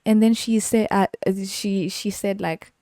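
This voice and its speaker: A woman telling a casual story as a podcast host, animated and slangy, laughing often. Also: medium pitch, measured pace, dry recording, clean studio sound.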